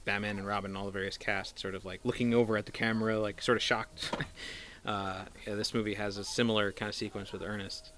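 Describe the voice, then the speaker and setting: A man's voice: lowish voice, level tone, fast talker, fairly bright tone, a little hiss or hum. A man co-hosting a casual movie podcast, retelling scenes with lots of laughter and silly voices. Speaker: podcast co-host. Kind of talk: casual movie review chat.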